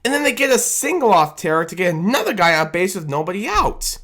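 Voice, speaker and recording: Animated man recapping a baseball game. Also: high voice, quick pace. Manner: animated, self-deprecating, rambling with restarts. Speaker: fan commentator. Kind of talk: casual sports recap. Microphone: desk microphone on camera.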